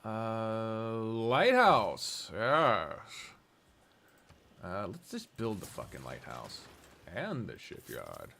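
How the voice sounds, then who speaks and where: A man's voice: fairly low pitch, wildly swooping pitch, slow pace, gravelly, long pauses, sharp tone, slight background noise. A man streaming a strategy game, rambling casually, talking to himself and swearing often. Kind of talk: casual live-stream chat while gaming.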